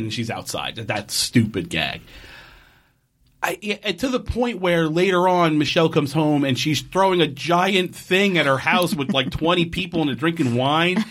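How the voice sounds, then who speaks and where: Exasperated male podcast co-host, lively swinging pitch, frequent swearing. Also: moderate pace. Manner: exasperated, ranting, swears often. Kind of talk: casual TV episode recap.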